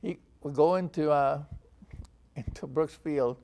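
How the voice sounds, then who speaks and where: Slowly and in a fairly high, slightly mellow voice, an older man from San Antonio, Texas, recalls his past. The veteran is giving an oral history interview and acts out the dialogue in his stories.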